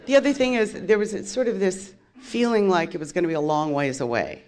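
A woman's voice: mid-range voice, fairly quick, darkish tone. A woman in her fifties sharing her recovery story as a candid personal testimony, with wry laughs along the way. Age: 50s.

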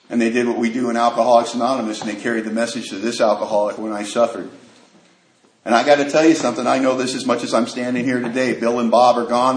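A man speaking to an audience at a recovery meeting, telling a personal story with lively acted-out dialogue. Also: medium pitch. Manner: animated storyteller acting out quoted dialogue. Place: large meeting hall. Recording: echoey hall with faint noise.

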